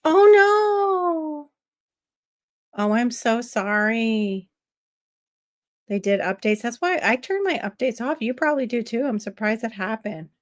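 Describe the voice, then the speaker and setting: A woman's voice: on the high side, moderate pace, dry recording, studio quality. A woman from Florida with a noticeably nasal voice hosts a casual livestream. She chats easily and reacts to viewers' comments as she reads them aloud. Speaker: livestream host.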